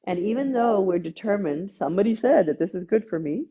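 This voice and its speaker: A woman teaching a gentle yoga class, calmly cueing breaths and movements with playful asides. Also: mid-range voice, brisk, breathy edge, highs cut off. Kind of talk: guided yoga class instruction.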